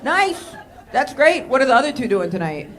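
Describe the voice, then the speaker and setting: On a comedy club stage before a live audience, a stand-up comedian from Maine does loose crowd work and swears freely. Her voice sits high with big pitch swings at a normal speed. The live club recording catches crowd laughter and noise.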